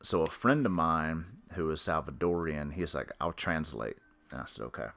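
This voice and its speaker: A man casually telling a personal story on a podcast, rambling in a low-key, matter-of-fact way. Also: animated, moderate pace, creaky, fairly bright tone. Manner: rambling, full of fillers and restarts.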